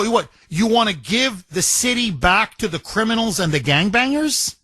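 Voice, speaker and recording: Man, talk radio host, combative monologue, mocking tone, high voice, unhurried pace. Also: bright, forceful tone, no room sound.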